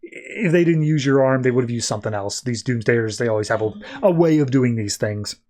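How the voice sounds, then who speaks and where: A man voicing a calm, reassuring female agent in a low-key way while retelling a comic. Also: a little fast, natural voice.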